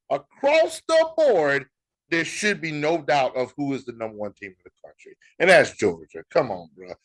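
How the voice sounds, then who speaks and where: An American man co-hosting a sports podcast, talking in a casual, animated way with laughter and mock exasperation. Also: a little high. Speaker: podcast co-host.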